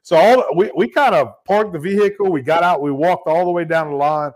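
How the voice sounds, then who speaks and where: A man hosting a casual podcast, telling a story with lively energy. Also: fairly high pitch, a little fast. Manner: animated storyteller, acts out quoted voices. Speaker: podcast host.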